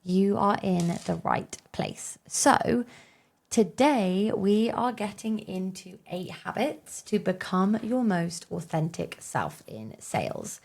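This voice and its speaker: A woman's voice: mid-range voice, sing-song, takes it slowly, creaky, a little mellow. A woman in her thirties hosting her own podcast outdoors on a windy day, talking in a chatty, upbeat way with plenty of fillers. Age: 30s. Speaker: podcast host. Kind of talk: casual solo podcast talk.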